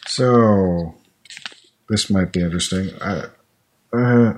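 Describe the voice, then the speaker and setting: A man's voice: sits low, slow. A man hosting a casual chat, thinking aloud and musing with fillers as he tastes snacks. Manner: chatty, thinks aloud with fillers while eating. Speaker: podcast host tasting snacks.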